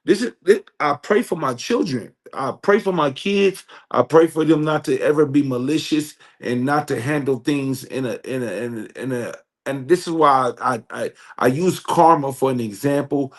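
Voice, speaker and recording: A man's voice: mid-range voice, expressive, moderate pace. Earnest man talking in circles. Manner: earnest, preachy, repeats himself. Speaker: podcast co-host. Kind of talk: casual chat.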